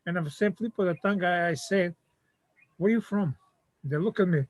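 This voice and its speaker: An older man from Montenegro with a Montenegrin accent, speaking halting non-native English in a casual chat and acting out the voices of the people in his stories. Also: sits high, no echo, rough recording. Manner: halting non-native English, acts out quoted voices while telling a story.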